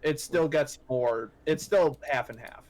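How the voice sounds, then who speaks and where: A man's voice: fairly high pitch, a little slow, darkish tone, low-quality recording. A man co-hosting a livestream podcast, matter-of-fact, correcting the finer details. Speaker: podcast co-host. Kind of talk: casual livestream chat.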